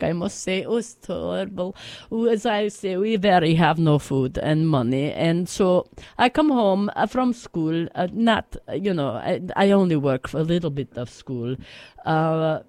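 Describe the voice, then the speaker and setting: A radio host voicing a poor old immigrant storyteller who speaks halting, broken English. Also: mid-range voice, darkish tone, no room sound, voice pushed down, close to an everyday voice. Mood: mournful. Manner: halting, wistful, broken grammar. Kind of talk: comic character monologue.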